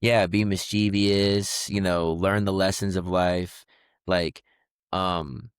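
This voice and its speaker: A man's voice: low-pitched, flat delivery, slow pace, clear, resonant tone, dry recording, studio quality. A man co-hosting a podcast, talking in a loose, rambling way with many fillers and restarts. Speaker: podcast co-host. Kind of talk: casual conversation.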